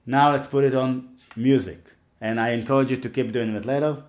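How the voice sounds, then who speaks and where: A man's voice: mid-range voice, fairly even intonation, fairly quick, a little mellow, roomy sound. Encouraging male guitar teacher. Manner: encouraging, counts rhythm syllables aloud. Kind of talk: casual guitar lesson.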